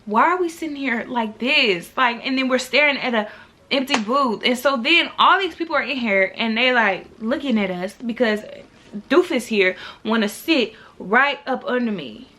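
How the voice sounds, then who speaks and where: Young woman vlogger, higher voice, chatty storytime to viewers, incredulous. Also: normal speed, slight background noise. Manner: animated, talks to viewers directly; exasperated, incredulous. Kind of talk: casual storytime.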